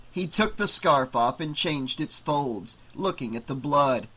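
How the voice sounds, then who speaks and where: A man reads a horror novel aloud, slow and deliberate, with a bright voice that rises and falls widely. He narrates the suspense steadily. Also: a little high. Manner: slow, expressive reading. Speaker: audiobook narrator. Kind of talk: audiobook narration.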